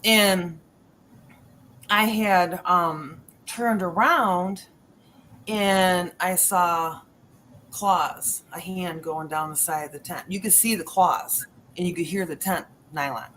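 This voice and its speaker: Woman guest telling a story, lowish voice, does all the voices, bit of hiss behind. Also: takes it slowly. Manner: animated storyteller acting out quotes. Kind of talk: storytelling on a paranormal podcast.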